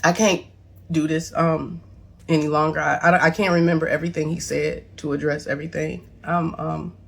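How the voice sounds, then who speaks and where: Tearful husky middle-aged woman. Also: low-pitched, little pitch movement, moderate pace. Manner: blunt, defensive, profane, rambling. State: on the verge of tears. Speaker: mother responding to her son online. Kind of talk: emotional to-camera monologue.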